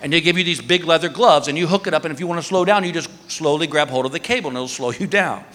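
A middle-aged man doing stand-up, telling a story in an animated way and acting out other people's voices. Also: quick pace. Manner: animated, acts out other voices with big pitch jumps. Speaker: stand-up comedian. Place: stage in a large hall. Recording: live hall recording with faint room ambience.

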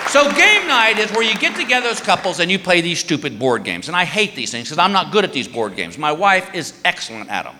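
A middle-aged man doing a stand-up comedy routine, telling stories with animated delivery on stage before a live audience. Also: fairly quick, hardly any pauses, some chatter behind, a little hiss or hum. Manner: animated storytelling, acting out his wife in a high voice. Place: stage in a large venue. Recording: echoey hall with audience. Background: audience laughter.

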